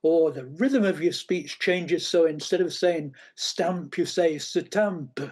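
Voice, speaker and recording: Halting man explaining at length. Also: a little high, fairly even intonation, a little mellow. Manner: halting, many fillers and restarts. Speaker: speech expert guest. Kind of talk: explanatory interview answers.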